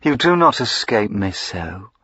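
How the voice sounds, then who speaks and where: A man's voice: lowish voice, big pitch swings, measured pace, breathy edge, no echo, heavily acted. A man doing a purring, sinister duke. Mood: menacing. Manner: purring, soft and imperturbable, at times whispering. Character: sinister aristocratic duke, cold, predatory, mocking. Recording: dull lo-fi recording.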